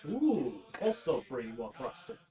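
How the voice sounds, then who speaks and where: A man's voice: mid-range voice, huge pitch swings, a little slow, dark tone. A man streaming live while cooking, chatting in a casual, rambling way and swearing freely. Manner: rambling, profane, loose.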